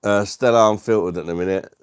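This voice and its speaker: A man's voice: fairly low pitch, steady tone, fast, clear, resonant tone, no room sound, studio quality. A British man hosting a casual live stream from his dining room, greeting viewers and chatting in a laid-back way with frequent laughs. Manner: laid-back, laughs often, says mate a lot. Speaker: livestream host.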